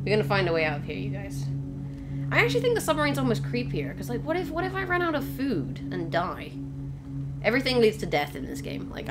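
A young woman casually commenting on a video game she is playing, chatting to viewers and exclaiming at what happens on screen. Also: lowish voice. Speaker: let's play host. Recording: game sound clearly behind voice. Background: game ambience.

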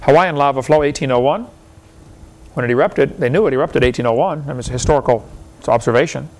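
A man's voice: mid-range voice, fast talker, darkish tone. A man giving a seminar lecture to a live audience in a folksy, argumentative way, firing off rhetorical questions and chuckling often.

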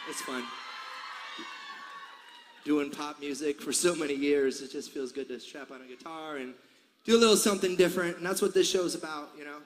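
A man's voice: fairly high pitch, normal speed, pauses often. A man in his forties chatting and laughing with a concert crowd between songs, telling rambling stories. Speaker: singer addressing a concert crowd. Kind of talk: onstage banter. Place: large concert venue on stage. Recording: live hall reverb, faint crowd noise.

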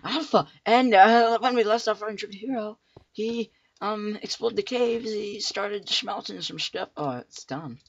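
A man's voice: high-pitched, unhurried. A man hosting a video game playthrough, giving chatty commentary and yelping at enemies, with a cracking voice. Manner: chatty, jumpy, yelps at enemies. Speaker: let's play host. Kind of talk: gameplay commentary. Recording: muffled lo-fi mic.

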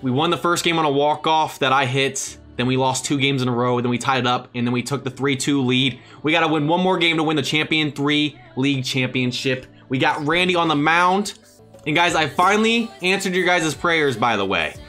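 Excitable young man commentating his own game. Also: on the high side, a little fast. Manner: excitable, swings between hype shouts and muttered asides. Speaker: gaming YouTuber. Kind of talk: excited live gameplay commentary. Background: background music.

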